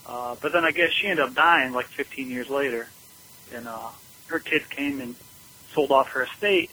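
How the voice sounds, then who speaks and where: A man from Ohio leaving a voicemail for a podcast, telling a story haltingly with many uhs and ums. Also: mid-range voice, sharp tone, a little hiss or hum, low-quality recording. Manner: halting, full of uh and um.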